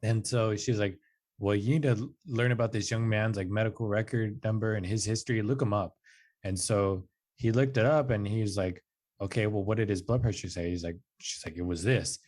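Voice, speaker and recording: A man in his twenties talks in a lowish voice as a podcast guest. He tells a personal story in a loose, casual way, saying "like" and "dude" a lot. He jumps up in pitch when he acts out what other people said. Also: brisk. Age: 20s. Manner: animated, acts out quotes with raised voice; casual, says "like" and "dude" often.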